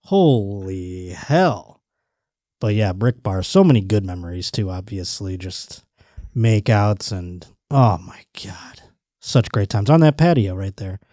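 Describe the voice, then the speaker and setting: A man hosting a podcast, telling a rambling, animated story in casual chat. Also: on the low side, a little slow, no echo, studio quality. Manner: rambling, animated storytelling with restarts and quoted voices. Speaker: podcast host.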